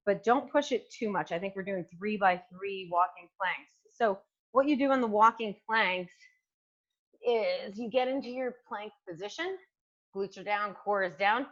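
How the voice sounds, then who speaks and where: A woman's voice: medium pitch, normal speed, fairly bright tone, lo-fi sound. A woman fitness coach demonstrating exercises at home, giving encouraging instructions with frequent fillers. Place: home room with hardwood floor. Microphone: new microphone.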